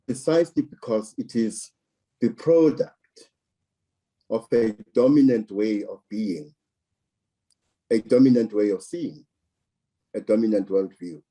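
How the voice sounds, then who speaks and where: Delivering political commentary in a measured way, a South African man uses repetition to drive his arguments. He talks slowly and deliberately in a deep, dark voice with some huskiness to it.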